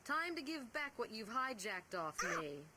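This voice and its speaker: A woman's voice: on the high side, very animated, unhurried, noisy background. A woman voicing a cold, scheming villainous boss in a video game cutscene, drawling and commanding. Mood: scornful.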